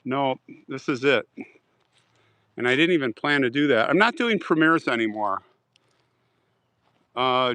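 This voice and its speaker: Man, slow-talking, live stream outdoors, joking with chat, clears his throat. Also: medium pitch, pushed and bright, no room sound, low-quality recording. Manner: chatty, joking with viewers, frequent throat clearing. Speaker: vlogger reading live chat. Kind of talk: casual live-stream chat while walking a cemetery. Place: outdoor cemetery.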